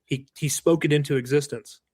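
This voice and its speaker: A man's voice: a little high, fairly even intonation, brisk, darkish tone, husky, no room sound. Male guest, 30s, earnest storyteller, restarts often, dry sound. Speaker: guest, roofing business owner. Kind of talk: casual podcast chat.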